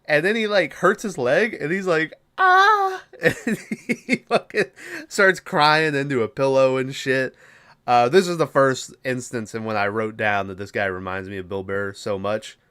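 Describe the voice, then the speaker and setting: A podcast host casually recapping a film, swearing a lot and rambling. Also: male voice, mid-range voice, normal speed, fairly bright tone, smooth. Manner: profane, rambling, laughing.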